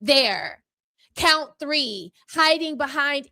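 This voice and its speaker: A woman's voice: high voice, measured pace, pushed and bright, no echo. A woman hosting her own channel, giving an impassioned commentary with a sassy, emphatic, mock-courtroom delivery into a microphone. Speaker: channel host.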